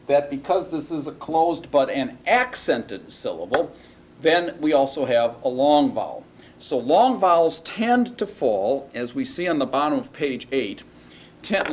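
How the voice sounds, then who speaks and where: A man teaching a Hebrew grammar lesson in a recorded lecture, speaking haltingly with many ums and restarts. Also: medium pitch, slight background noise. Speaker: Hebrew instructor.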